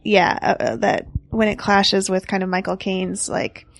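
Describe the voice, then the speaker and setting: A woman's voice: medium pitch, little pitch movement, unhurried, vocal fry. A woman in her thirties, co-hosting a casual movie podcast, who chats freely, laughs often and trails off mid-thought. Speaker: podcast co-host.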